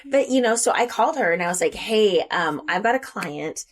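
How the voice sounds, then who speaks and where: A woman's voice: mid-range voice, animated. A woman realtor telling work stories in a casual, chatty podcast conversation, from the United States. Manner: chatty, quick asides, storytelling. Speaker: realtor guest.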